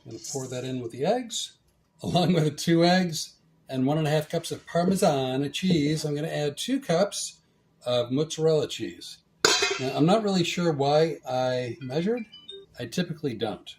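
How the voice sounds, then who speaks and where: A man's voice: a little high, expressive, moderate pace, darkish tone, slight background noise. A man hosting a casual cooking demonstration in a home kitchen, joking as he talks through each step. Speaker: cooking show host.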